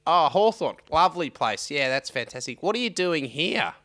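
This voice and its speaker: A man's voice: a little high, big pitch swings, normal speed, bright, forceful tone, dry recording, voice pushed up. A man putting on a gushing, clueless sales trainer. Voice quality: comical voice. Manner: gushing, over-eager small talk. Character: chirpy, clueless middle-aged male sales trainer.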